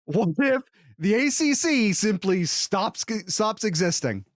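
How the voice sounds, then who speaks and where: A man with a high voice co-hosts a sports podcast, talking casually and with plenty of opinion. He speaks in animated bursts and restarts his sentences. The recording is dry and close, with no room sound. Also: slow, no room sound. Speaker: podcast co-host.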